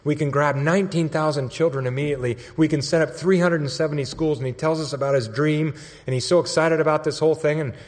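A man's voice: on the high side, fairly even intonation, quick pace. Earnest storyteller man in a reverberant hall. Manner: conversational, earnest storytelling with quoted dialogue. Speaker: mission staff speaker. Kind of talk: sermon storytelling.

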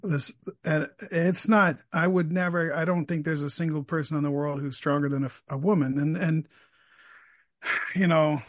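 A man hosting an interview, chatting casually with many quick asides and restarts. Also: fairly high pitch, steady tone, no room sound, studio quality. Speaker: podcast host, interviewer.

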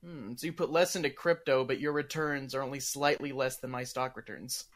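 Man, mid-pitched, dry and matter-of-fact in a loose group chat. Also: fairly even intonation, a little fast, a bit bright. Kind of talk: casual online group chat.

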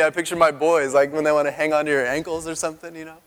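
Pastor guy in his 30s preaching, kinda high voice, acts out the quotes, big echoey hall. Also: fairly quick. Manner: animated storytelling, acts out quotes with raised voice. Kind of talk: sermon. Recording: long hall reverb.

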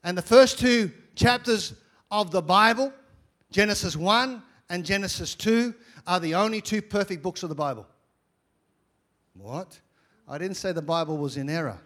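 A man preaching a sermon as pastor, energetic, with repeated phrases and swings between loud and quiet. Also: sits high.

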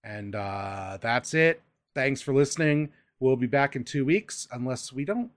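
A man's voice: mid-range voice, lively intonation, measured pace, smooth. A man hosting a podcast in a casual, swearing manner, running the outro and plugs. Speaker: podcast host.

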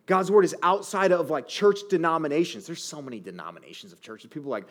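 A man in his thirties preaching a sermon as a pastor, conversational and animated, often asking the listeners rhetorical questions. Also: on the high side, fast, hardly any pauses.

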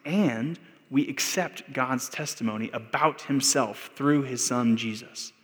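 A man's voice: medium pitch, measured pace. A man with an American accent preaching a sermon as pastor, earnest and building to emphatic peaks. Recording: long hall reverb.

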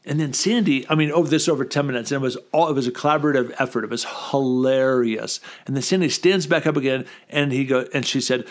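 Male guest, mid-pitched, animated raconteur who voices the characters in his anecdotes. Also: fast, few pauses. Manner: lively, acts out quoted voices in the story. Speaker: guest speaker. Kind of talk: animated storytelling in conversation.

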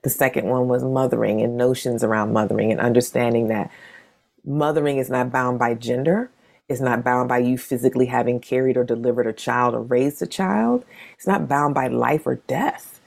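Appearing as an interview guest, this zine maker in her forties tells stories at a moderate pace in a relaxed, conversational style. Her voice is strikingly deep and gravelly, and whenever she quotes someone she performs the lines with dramatic jumps in pitch.

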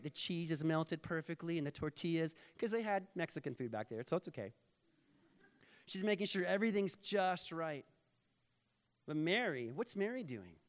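Playful conversational male preacher. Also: on the high side. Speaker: pastor. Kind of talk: sermon.

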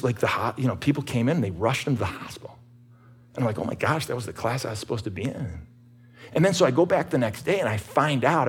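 Husky, animated pastor preaching. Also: male voice, mid-range voice. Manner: animated storytelling, rising to emphatic peaks. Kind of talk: sermon. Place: church sanctuary.

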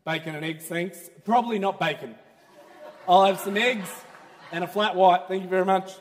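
A man's voice: high voice, moderate pace, close to an everyday voice. A man voicing an easygoing, offhand Jesus, in a reverberant church hall. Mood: casual. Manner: offhand and relaxed. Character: easygoing Jesus, casual and friendly.

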